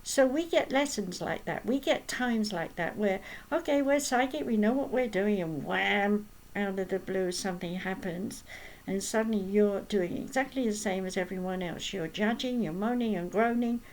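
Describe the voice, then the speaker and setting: In casual conversation, a medium and healer tells stories in a chatty way, sprinkling in rhetorical asides. She has a mid-range voice, and the recording quality is low.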